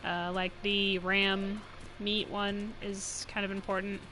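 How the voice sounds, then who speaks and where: A woman's voice: mid-range voice, little pitch movement, takes it slowly, background noise. A young woman from New Mexico chatting casually while streaming a game. She rambles, laughs often and says "like" a lot. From New Mexico, USA. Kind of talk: casual live-stream commentary.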